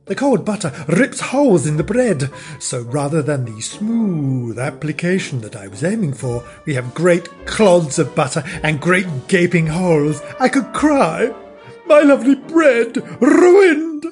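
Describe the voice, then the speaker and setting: A man's voice: a little high, animated, measured pace, hardly any pauses, faint music behind. A man telling a comic story as a podcast host, in a wry, theatrical, mock-indignant way.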